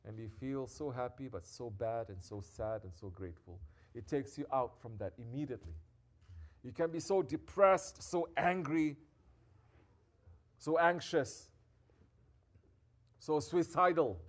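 A man giving a sermon as a sheikh, who moves between quiet, intimate reflection and loud, scolding exhortation and drops Arabic devotional phrases into his talk. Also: medium pitch, a little slow, long pauses.

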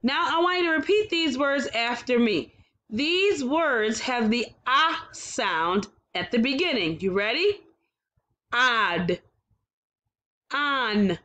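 A woman leads a phonics lesson for kindergarteners at a very slow, careful pace, breaking each word into its sounds. Her voice sits a little high, and she praises the children cheerfully after each word. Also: lively intonation, bright, forceful tone. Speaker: kindergarten teacher.

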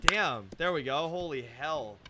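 Excitable young man calling his game. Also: on the high side, unhurried, music in the background. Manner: excitable, bursts into shouting; self-deprecating, hard on himself. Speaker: gaming YouTuber. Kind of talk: live gameplay commentary.

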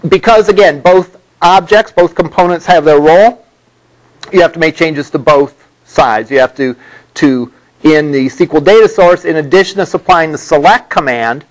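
A male instructor lectures to a classroom in a slightly high voice with a gravelly edge. He rambles, restarting and repeating words as he works through his points. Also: poor audio. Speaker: college instructor.

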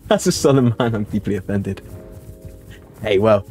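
A man's voice: fairly low pitch, animated, measured pace, pauses often, a little mellow, faint music behind. A young man chatting casually on a game livestream into a desk mic, rambling and cutting himself off mid-thought. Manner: rambling, self-interrupting, chatty. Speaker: game streamer.

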